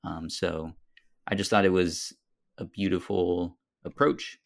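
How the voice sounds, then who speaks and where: A man with a deep, gravelly voice talks through a film on a podcast. He pauses often and fills gaps with "um" and "like" as he works out his thoughts. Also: steady tone. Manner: thoughtful, hesitant, many fillers. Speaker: podcast co-host. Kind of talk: casual film discussion.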